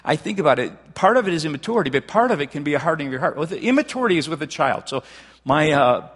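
A pastor preaching to his church in a casual, conversational way, often restarting his sentences before building to animated emphasis. His voice sits a little high for a man and has a breathy, husky edge. The sound rings out with the long reverb of a large hall. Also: fast talker. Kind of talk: sermon.

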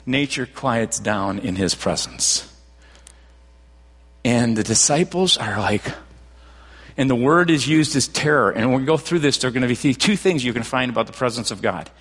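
Pastor preaching in a reverberant church. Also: male voice, medium pitch, expressive, normal speed, husky. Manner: storytelling, swings from loud emphasis to hushed near-whisper. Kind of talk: sermon. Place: church sanctuary.

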